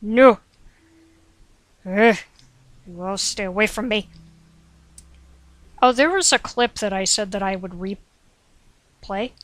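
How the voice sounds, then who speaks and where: A woman's voice: medium pitch, a bit bright, no echo. Chatty woman narrating a game, dry close mic. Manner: chatty, digressive, frequent "like" and "um"; talks to her cat between game remarks. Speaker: gaming commentator. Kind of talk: rambling let's-play commentary. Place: at home with a cat nearby. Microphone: desk microphone.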